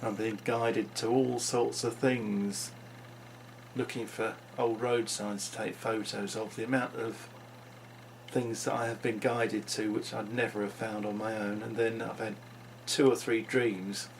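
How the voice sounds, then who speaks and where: A man's voice: lowish voice, flat delivery, unhurried, gravelly, a little hiss or hum. A man talking unscripted into his vlog, musing and rambling with frequent restarts. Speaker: vlogger.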